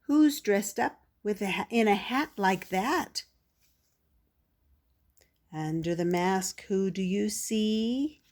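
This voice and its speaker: An older woman reads a children's picture book aloud as a grandmother, pacing each page very slowly. She lifts her voice higher and louder for the animal noises and adds soft little laughs between the pages. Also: animated.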